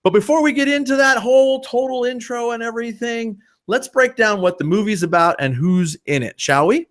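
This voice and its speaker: A man's voice: very high-pitched, brisk, a bit bright. A man hosting a movie review podcast, upbeat and chatty. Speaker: podcast host. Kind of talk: casual movie review chat.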